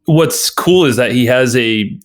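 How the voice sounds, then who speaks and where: A man co-hosting a podcast from home, easygoing and quick to laugh. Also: medium pitch. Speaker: podcast co-host. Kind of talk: casual chat. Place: at home, recording remotely.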